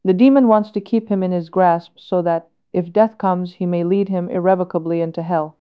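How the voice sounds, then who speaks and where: A woman reading a solemn homily aloud in a measured, earnest way, with many rhetorical questions. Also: lowish voice, steady tone, smooth, dull audio. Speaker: reader of a sermon.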